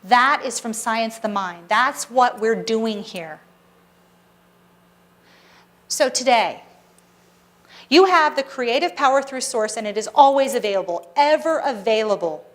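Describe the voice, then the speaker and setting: A woman with a high, bright-pitched voice delivers a Sunday sermon to her congregation. She speaks earnestly and encouragingly, often slipping in playful asides. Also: expressive, measured pace, pauses often. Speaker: spiritual practitioner giving the Sunday talk. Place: church service hall.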